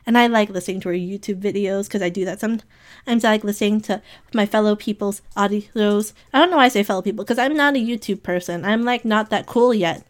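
A woman's voice: mid-range voice, quick pace. Gushing, rambling woman, sniffling. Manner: gushing, affectionate, giggly, rambling. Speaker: community member giving shout-outs. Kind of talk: rambling casual monologue.

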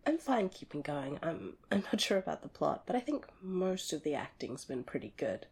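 A woman playing the listener's girlfriend in an audio role-play, talking in an expressive, conversational way that swings between loud and hushed. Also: deep voice, normal speed, few pauses, breathy edge. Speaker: girlfriend character addressing the listener.

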